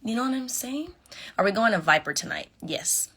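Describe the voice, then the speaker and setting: A woman's voice: on the high side, normal speed, slightly rough. Sassy young woman chatting on a phone live. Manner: animated, sassy, talks straight to viewers. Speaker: reality show contestant on a live stream. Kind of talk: casual live-stream chat with fans.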